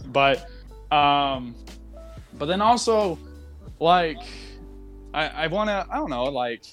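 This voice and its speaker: A young man of average pitch chats candidly as a podcast host, seated at his desk at home. He rambles, piling up fillers and cutting himself off mid-thought. The talk stays loose and open. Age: young adult. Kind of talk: casual chat.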